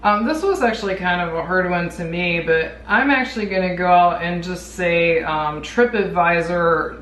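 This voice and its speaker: A woman's voice: on the low side, moderate pace, fairly bright tone, slight background noise. A woman with a Southern US accent, co-hosting a casual travel vlog chat and laughing often. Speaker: vlog co-host. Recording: echoey room, faint ambience.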